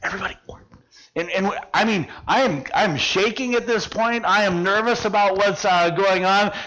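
Middle-aged male preacher, high voice, vivid storyteller who acts out the scene. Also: moderate pace, poor audio. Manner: animated storyteller, acting out dialogue, drops to hushed tones. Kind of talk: sermon with personal story.

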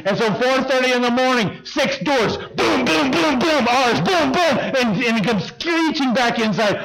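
A man with a strikingly high voice tells a funny personal story to an audience. He keeps it animated and acts out the action with sound effects and bursts of laughter. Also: moderate pace, gravelly, hardly any pauses, poor audio.

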